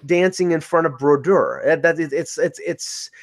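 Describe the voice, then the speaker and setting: Blunt man with a higher voice. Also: moderate pace. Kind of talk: casual sports chat.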